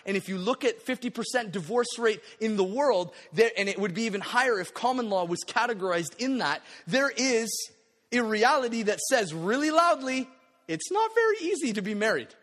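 A man preaching a sermon as a pastor, energetic, with playful asides and acted-out quotes. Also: high voice, moderate pace. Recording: long echo of a large hall.

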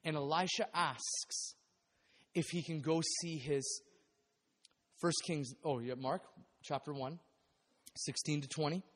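A man preaching a sermon, animated and acting out the voices of the people in the story. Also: on the high side, slow, long pauses. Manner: animated, acts out biblical voices. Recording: long hall reverb.

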